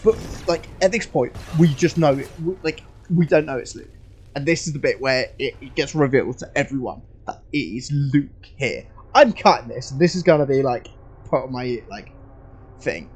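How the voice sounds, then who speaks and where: A man streaming casually, rambling excitedly with lots of fillers and swearing as he thinks aloud. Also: mid-range voice, normal speed, husky.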